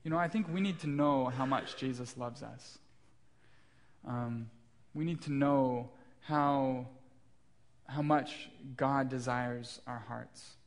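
A man's voice: medium pitch, slow. A man in his thirties, a pastor preaching a sermon in a church, telling stories about his young kids with light self-deprecating humor. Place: church sanctuary.

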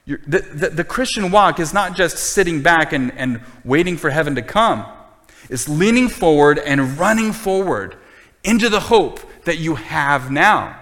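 A man's voice: on the high side, animated, unhurried, fairly bright tone, in a large hall. A man preaching a sermon as pastor, earnest and emphatic, often repeating his points.

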